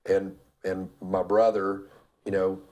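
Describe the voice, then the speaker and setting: A middle-aged man from Tennessee tells an anecdote as a talk show guest, in a voice that sits a little on the low side. He gets animated as he talks, restarts his sentences often, and slips into other people's voices along the way. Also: slow pace. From Cleveland, Tennessee. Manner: animated storyteller who acts out other people's voices, with frequent stammered restarts. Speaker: guest, real estate developer. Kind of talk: casual storytelling in a talk show interview.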